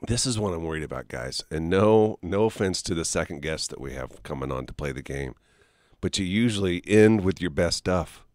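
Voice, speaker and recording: A man's voice: low voice, lively intonation, moderate pace, darkish tone, no room sound. A man hosting a radio morning show in a studio, chatting playfully and animatedly with his co-host. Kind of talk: casual on-air banter.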